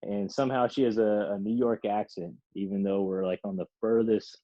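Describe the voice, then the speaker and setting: A man's voice: lowish voice, fairly even intonation, moderate pace, dark tone, highs cut off. A man casually telling a long, rambling story on a podcast, laughing and swearing.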